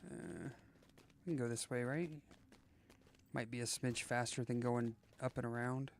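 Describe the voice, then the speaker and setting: Over slight background noise, a man with a medium-pitched voice chats casually during a live game stream. His tone is steady and his pace a little slow as he rambles, fills gaps with "like" and "you know," and drifts playfully into sing-song voices.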